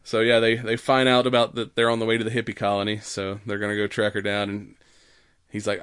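In a casual podcast chat, a man recaps a film's scenes, laughing a lot, quoting characters, swearing, and rambling with plenty of fillers. He talks fast in a low-ish, fairly even, fairly bright voice that's clear and resonant, in clean studio sound with no room echo.

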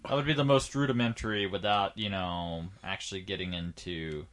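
A man's voice: low-pitched, steady tone, a little fast, a bit bright. A man co-hosting a casual podcast, jokey, dropping to mumbles and then jumping to sudden yelps. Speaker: podcast co-host, musician.

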